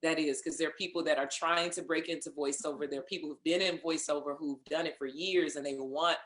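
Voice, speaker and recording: A woman being interviewed, telling a lively story in casual conversation, acting out what others said and laughing along. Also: deep voice, a little fast, echoey room. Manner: animated storyteller, acts out others' lines, laughs. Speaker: interview guest, singer and voice actor.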